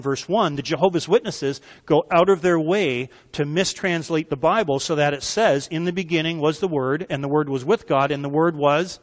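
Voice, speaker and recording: A man preaching with an animated, teaching manner, tossing questions out to the room. His voice sits a little high for a man. A long hall reverb trails each phrase. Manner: animated teaching with quick asides and questions to the crowd. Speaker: pastor. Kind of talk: sermon.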